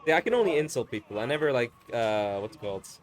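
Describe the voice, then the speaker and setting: A man doing casual live commentary on a fighting game, loud and teasing, swearing freely. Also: mid-range voice, lively intonation, fast. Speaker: esports commentator.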